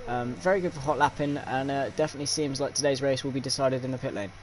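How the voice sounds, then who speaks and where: A young man commentating a sim racing league stream, with many fillers and pauses. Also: mid-range voice, steady tone, a little hiss or hum. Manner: filler-heavy, hesitant play-by-play. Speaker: lead commentator.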